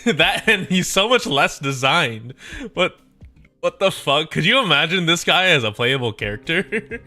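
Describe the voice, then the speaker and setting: Bright-voiced male streamer. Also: fairly high pitch, very animated, unhurried, soft background music. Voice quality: laughs often, casual. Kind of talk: game let's play, reading aloud.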